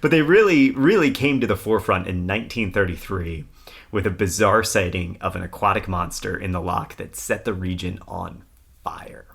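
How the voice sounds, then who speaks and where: A man's voice: deep voice, normal speed, gravelly, fairly bright tone, slightly rough. A man co-hosting a podcast, telling a history story in casual chat, laughing often and reading old newspaper text aloud. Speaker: podcast co-host.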